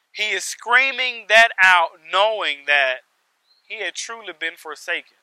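A man preaching a sermon with emphasis, piling up repeated phrases and swinging between loud stresses and hushed lines. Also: high-pitched, lively intonation, a little slow, dry recording, low-quality recording.

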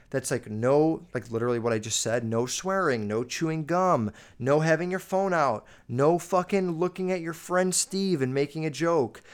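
A man's voice: fairly high pitch, smooth. Swearing young man ranting on a podcast. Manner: casual, profane and emphatic rant. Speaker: podcast host. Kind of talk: solo podcast monologue.

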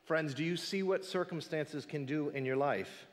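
A man's voice: fairly high pitch, moderate pace, long reverb tail. A man preaching a sermon as pastor, asking rhetorical questions and dropping to a near whisper for emphasis. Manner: animated, rhetorical questions, drops to a hush for effect.

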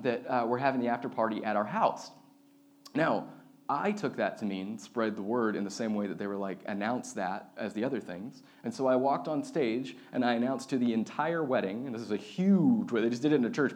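A man in his thirties, a pastor, preaching a sermon with lively personal stories and acted-out voices. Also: mid-range voice. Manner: animated storytelling, acts out quoted voices.

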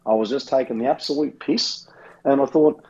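Australian male co-host, dark mellow voice, laid-back swearing banter. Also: medium pitch, moderate pace, breathy edge, lo-fi sound. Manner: rambling, swears freely, often says the co-host's name. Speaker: podcast co-host. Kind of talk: casual banter.

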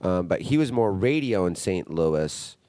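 Low-voiced rambling guest man. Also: big pitch swings, unhurried, dark tone, no echo, clean studio sound. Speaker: podcast guest. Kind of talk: casual chat.

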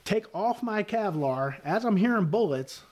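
A man's voice: high voice, expressive, a little slow, darkish tone. Blunt man telling a war story. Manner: vivid, blunt storytelling with swearing and frequent "uh" fillers. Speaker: podcast guest, retired Army sergeant major. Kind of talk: recounting a combat story in conversation.

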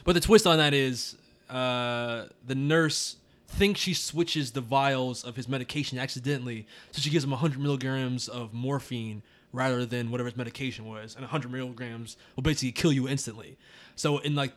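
A man with a mid-range, slightly bright voice hosts a podcast. It's a casual movie review chat full of laughter and loose talk.

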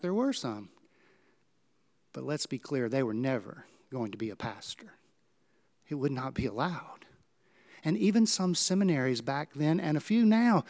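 A male pastor, preaching a sermon and telling stories with dramatic swings in pitch and volume. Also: vocal fry, a little mellow.

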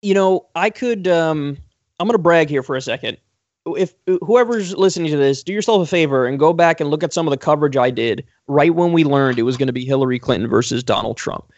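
A male political talk host, sarcastic and profane as he tears into his targets. His voice sits a bit high for a man. The audio is dry and slightly muffled, with no room around it. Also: fairly quick, a little mellow, no room sound. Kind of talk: political commentary talk show.

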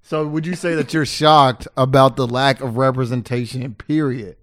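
A man's voice: mid-range voice, fairly even intonation, normal speed, a bit bright. A man who is a guest on a casual podcast, teasing the others with wry interjections.

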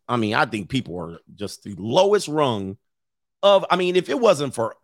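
A man's voice: medium pitch, a bit bright, no echo. Blunt man reacting in dry close sound. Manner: blunt, opinionated, laughs often. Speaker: host. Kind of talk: casual reaction commentary.

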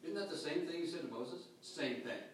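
A pastor preaching a sermon with dynamic swings between loud calls and hushed, quiet lines. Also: male voice, a little high, animated, brisk, distant mic, slight background noise. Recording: echoey hall picked up from afar.

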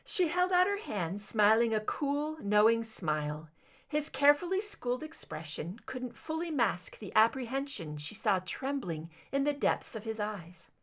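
A woman narrates a fan fiction audiobook, reading expressively. Her pitch moves with a lively, animated range. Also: measured pace. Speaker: reader.

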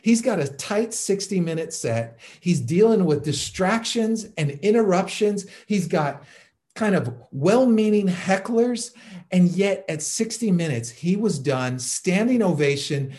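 A man preaching a sermon, telling a story with animated delivery and frequent fillers. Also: sits high, unhurried. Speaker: pastor.

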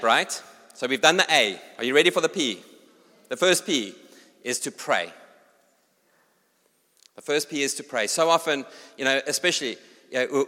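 South African preacher in a reverberant hall. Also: male voice, fairly high pitch. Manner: storytelling, animated, addresses congregation directly. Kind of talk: sermon with personal story.

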